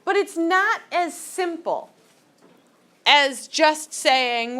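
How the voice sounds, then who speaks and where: Lively, bright-voiced woman teacher lecturing. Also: high voice, extremely slow. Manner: joking, teasing, asks the class questions. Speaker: high school biology teacher. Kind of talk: classroom lecture. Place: classroom.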